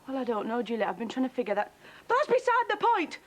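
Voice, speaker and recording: A woman's voice: a little high, wildly swooping pitch, quick pace. A woman playing an exasperated, demanding cousin in a TV sitcom. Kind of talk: TV sitcom acting.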